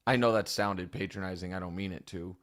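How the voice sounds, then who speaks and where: A man's voice: sits low, fairly even intonation, a little fast, a bit bright. Opinionated male sports talk host. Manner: opinionated, thinks aloud in long run-on arguments. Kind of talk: casual sports talk commentary.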